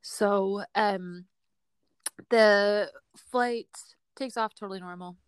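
Her voice is mid-range, steady, slow, and smooth, with no echo in the recording. A podcast co-host, she casually chats through an aviation story, laughing frequently and using lots of fillers and hedges.

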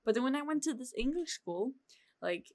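Young female co-host, very expressive intonation, casual animated banter. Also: high-pitched, normal speed. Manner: animated, laughing, chatty. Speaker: podcast co-host. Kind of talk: casual chat.

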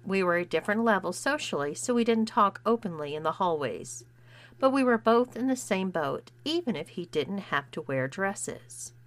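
A woman's voice: mid-range voice, lively intonation, normal speed. A woman narrating a first-person story and voicing its dialogue herself. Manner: acts out dialogue with shifting voices.

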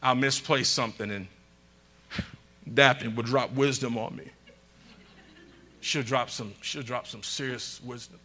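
Man, pastor, sermon, call-and-response, very bright tone. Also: mid-range voice, fairly even intonation, a little slow, pauses often. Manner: call-and-response preaching, dramatic swings from loud to quiet. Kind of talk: preaching a sermon.

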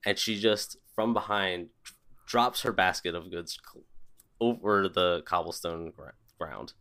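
A man narrating a tabletop game as game master, relaxed and descriptive with some fillers. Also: deep voice, measured pace.

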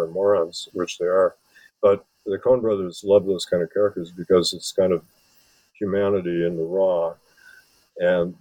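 A man's voice: deep voice, darkish tone, no echo, low-quality recording. A man from Wisconsin, an author and film scholar, giving long rambling interview answers full of restarts. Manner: rambling, many restarts and fillers.

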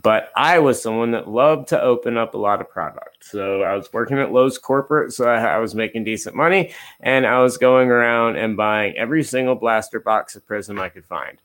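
A man's voice: medium pitch, fairly quick, fairly bright tone. A man in a casual interview, speaking as a guest. He talks in an easygoing, rambling way with lots of restarts. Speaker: guest, card collector and dealer.

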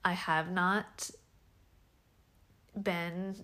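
Woman, 30s, solo podcast host; slightly low pitch, hesitant, soft-spoken delivery full of fillers. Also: little pitch movement, extremely slow. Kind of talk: casual personal podcast monologue. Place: home bedroom.

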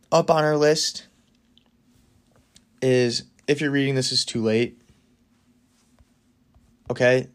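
A man hosting a solo podcast in a casual, opinionated way, talking fast with excited bursts. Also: mid-range voice. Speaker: podcast host.

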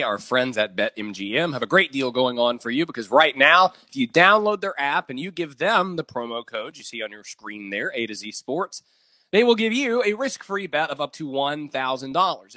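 Bright-voiced male sports co-host, dry sound. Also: medium pitch, moderate pace, no room sound. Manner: animated, confident opinions, reads ad copy smoothly. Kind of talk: live-streamed sports talk.

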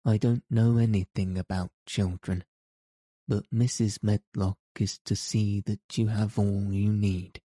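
A man's voice: lowish voice, dark tone, dry recording. A man voicing a weary, troubled middle-aged guardian in an audiobook, distracted and muttering. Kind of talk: audiobook character reading.

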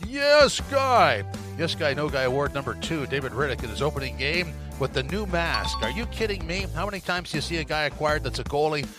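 A man's voice: fairly high pitch, quick pace, few pauses, music in the background. A man hosting a sports podcast, talking emphatically and exclaiming his verdicts. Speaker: podcast host.

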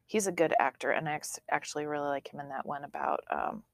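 A woman's voice: deep voice, fast talker, no echo, clean studio sound. A woman in her forties co-hosting a podcast, easygoing and self-mocking in casual chat. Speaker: podcast co-host.

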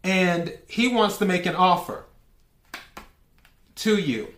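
A man reads tarot cards in a slow, drawn-out way, his voice sitting a bit high. He asks for each card politely and laughs easily along the way. The room around him rings with echo. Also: animated, fairly bright tone. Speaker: tarot reader. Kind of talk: casual tarot reading. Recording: echoey room.

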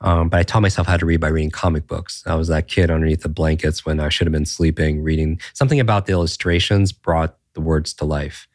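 A deep-voiced man talks as a podcast guest, earnest and animated, circling back through restarts and rhetorical questions. The sound is dry and close, with no room echo. His motivational storytelling runs at a conversational pace. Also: quick pace, few pauses. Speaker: podcast guest, brain coach.

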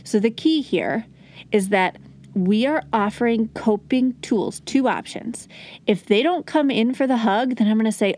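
Speaking at a measured pace in a fairly high, slightly mellow voice, a woman hosts a parenting podcast. As a parenting educator she coaches earnestly in a conversational teaching style, sometimes demonstrating comforting words she'd say to a child.

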